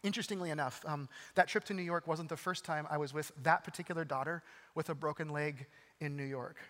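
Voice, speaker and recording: A middle-aged man preaching a sermon, telling a family story, swinging from urgent to hushed. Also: on the high side, steady tone, quick pace, long reverb tail. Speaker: pastor.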